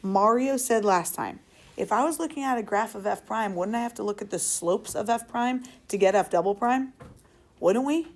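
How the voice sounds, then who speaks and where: A woman teaches a class in an upbeat, playful way, quizzing the students as she works. Her voice sits at a middle pitch. She sounds like she is talking in a classroom. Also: normal speed. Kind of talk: classroom lesson.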